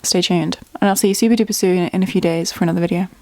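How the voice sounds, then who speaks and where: A woman's voice: lowish voice, steady tone, racing, darkish tone, no echo. A young woman chatting casually as a book vlogger at home, bubbly and talkative, thinking aloud. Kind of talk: casual chat.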